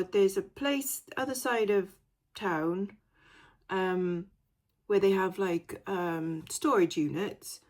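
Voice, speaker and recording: A woman's voice: lowish voice, darkish tone. A young woman chatting casually to camera in a rambling vlog, full of fillers and asides. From Wales. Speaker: resale vlogger.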